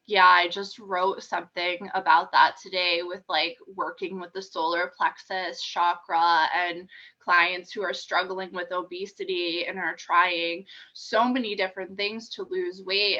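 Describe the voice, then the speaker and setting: A woman Reiki practitioner being interviewed, explaining her sessions in a calm, steady way. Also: on the low side, lo-fi sound. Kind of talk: casual interview talk.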